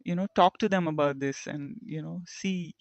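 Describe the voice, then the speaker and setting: A woman's voice: deep voice, moderate pace, no echo. A woman engineer speaks as a podcast guest, reflective and candid. She brings her stories to life by acting out what others said to her. The recording is dry and a touch muffled. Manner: reflective, tells stories and acts out quoted remarks. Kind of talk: conversational interview.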